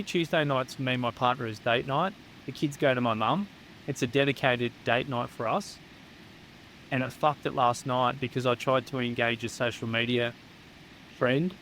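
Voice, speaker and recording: A man's voice: medium pitch, a bit bright, a little hiss or hum, poor audio. An Australian man who works as a psychotherapist, speaking as a guest in a candid, casual chat, blunt and swearing freely. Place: home near the beach.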